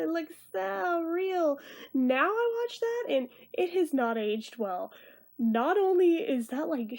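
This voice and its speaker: A woman in her thirties, tired and half awake, rambling quietly through a casual late-night movie review. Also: high voice. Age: 30s. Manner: rambling, talking quieter than normal.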